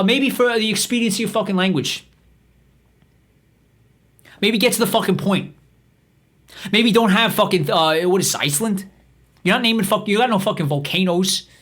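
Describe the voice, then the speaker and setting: A man with a high, somewhat bright voice hosts a comedy podcast. He tells a meandering, profane story packed with restarts and fillers.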